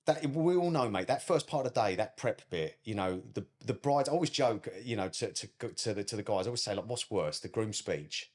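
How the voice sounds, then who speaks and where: A man's voice: mid-range voice, expressive, a little fast, darkish tone. A man with a British English accent, a wedding photographer chatting casually on a podcast, cheeky and talkative, calling everyone "mate".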